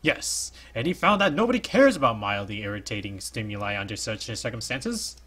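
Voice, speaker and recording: A man voicing a haughty aristocratic male experimenter from a visual novel, in a lofty, theatrical and hoarse voice. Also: fairly low pitch, animated, brisk, fairly bright tone.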